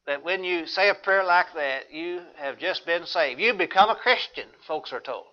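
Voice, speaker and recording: A man preaching a sermon in an earnest, measured way, citing scripture. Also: on the high side, pushed and bright. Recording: dull lo-fi recording.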